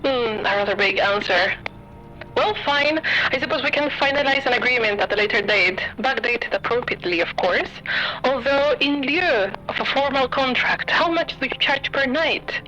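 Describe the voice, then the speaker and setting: Woman putting on a pompous legalistic gentleman. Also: high voice, normal speed, lo-fi sound, faint music behind. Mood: haughty. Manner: pompous, formal, threatening with legal terms. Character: pompous male visitor, legalistic and haughty.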